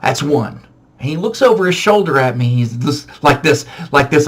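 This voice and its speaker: A man casually telling a funny true story from his childhood, animated and self-mocking, with frequent restarts. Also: medium pitch, normal speed, breathy edge.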